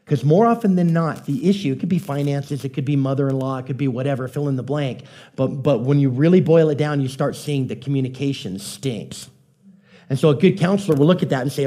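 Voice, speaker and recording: A pastor with a mid-range, mellow voice delivers a conversational sermon at a brisk clip. He spins folksy stories and keeps checking in with the audience by asking them questions.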